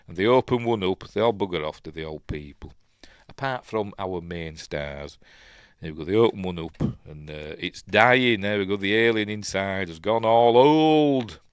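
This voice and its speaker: Speaking in a low, expressive voice at a moderate pace, a Yorkshire-accented man breaks down a film casually. He rambles emotionally and chattily with lots of ums and uhs, and the audio is clean with no room sound.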